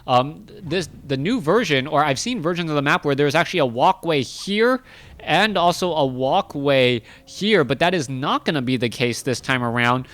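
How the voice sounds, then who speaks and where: Chatty male esports caster, higher voice. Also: normal speed, no echo. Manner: chatty, self-correcting, rising excitement in big moments. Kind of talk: solo play-by-play game commentary.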